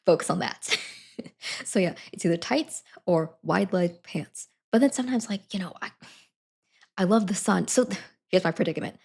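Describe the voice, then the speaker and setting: A woman streamer talks casually to her live audience, laughing lightly as she goes. Her voice sits in a middle register with a husky, breathy grain. The delivery is loose and conversational. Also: medium pitch, expressive, normal speed. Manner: chatty, giggles between sentences. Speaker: Twitch streamer.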